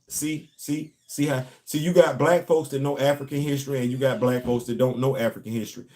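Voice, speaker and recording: A man's voice: medium pitch, darkish tone. A man hosting a comics commentary show, ranting emphatically and repeating himself. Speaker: host. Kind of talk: casual commentary.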